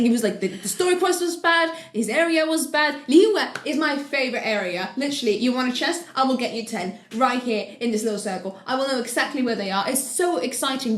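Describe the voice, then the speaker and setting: A young woman rambles excitedly as a podcast co-host, with a fairly high voice. The room around her has an echo. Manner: excitable, rambling fan talk. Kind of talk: casual chat. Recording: echoey room.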